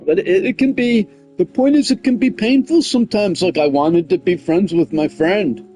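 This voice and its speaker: A man whose voice sits high chats at a moderate pace on a gaming livestream, with faint music behind. He rambles, repeating "like" and "you know what I mean," and gets heated and loud as he retells conflicts.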